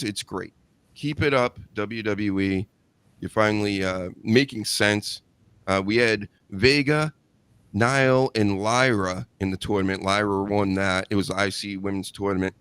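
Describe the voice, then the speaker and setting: A man's voice: lowish voice, fairly even intonation, measured pace, fairly bright tone, clean tone, no room sound. Blunt, sarcastic man hosting a podcast. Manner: blunt, sarcastic, swears casually. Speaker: podcast host. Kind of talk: casual chat.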